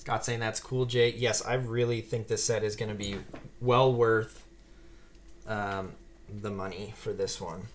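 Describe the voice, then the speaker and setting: On a casual live stream, a Lego-building host talks and reads out viewer comments while assembling a set. His voice is fairly low and fairly even, his pace measured, with slight background noise.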